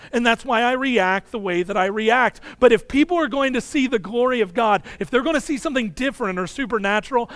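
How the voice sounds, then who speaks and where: A pastor in his thirties preaches with a high, light voice, earnest and pressing, then sinks quiet on the lines he wants to land. The sound is dry and close, with no room around it. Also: no room sound. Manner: earnest preaching, dropping soft on key phrases. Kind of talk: sermon.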